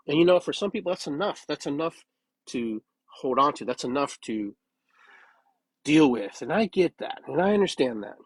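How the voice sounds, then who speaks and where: An American man hosts his own podcast and delivers a reflective solo monologue, musing earnestly and repeating phrases with shifting inflection. His mid-range voice is slightly rough, and the poor-quality audio has no room sound.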